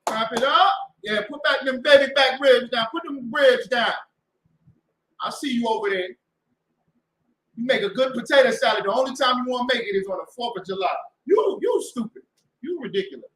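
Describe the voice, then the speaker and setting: A fiery male preacher with a high, bright, cutting voice that jumps into sudden shouts. He mocks and repeats his points over and over. The sound bounces around a reverberant room with a faint hum behind it. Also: brisk. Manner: loud, mocking, repetitive, with shouted bursts. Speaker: street preacher and show host. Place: indoor room with a door to the street.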